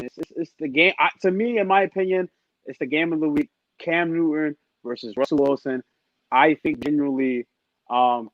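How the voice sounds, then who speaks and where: A man co-hosting a casual sports podcast, emphatic and quick to laugh and tease. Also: medium pitch, dry recording, highs cut off. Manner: laughs often, emphatic, teasing. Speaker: podcast co-host.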